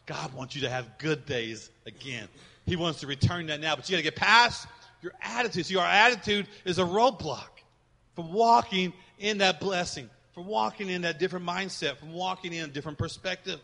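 Male pastor, sermon, slightly high and bright, big loud-soft swings, long church reverb. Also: moderate pace, vocal fry. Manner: emphatic preaching with sharp swings between loud and soft. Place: church sanctuary with congregation. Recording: reverberant hall.

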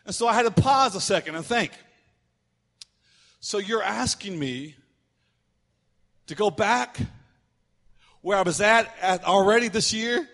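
A man preaching through a personal story, animated and acting out the voices of the people in it. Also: measured pace, long pauses. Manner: animated, acts out quotes with big swings of pitch and volume. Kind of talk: sermon storytelling. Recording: long hall reverb.

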